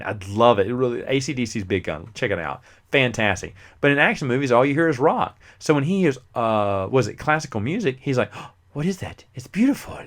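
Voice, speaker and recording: A man hosting a casual movie review show who acts out scenes as he retells them. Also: medium pitch. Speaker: movie review podcast host.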